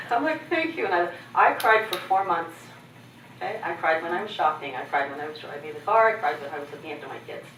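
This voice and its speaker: A middle-aged woman with a fairly low voice gives a keynote address, mixing candid personal stories and humor. She is recorded from a distance in an echoey conference hall. Faint noise stays underneath her voice throughout. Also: fairly quick, fairly bright tone. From Canada. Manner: candid, humorous, acts out others' lines. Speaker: keynote speaker.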